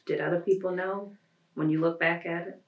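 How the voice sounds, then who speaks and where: A host interviewing a guest, with calm, probing questions and short affirmations. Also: mid-range voice, moderate pace, lo-fi sound. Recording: roomy echo, mic at a distance.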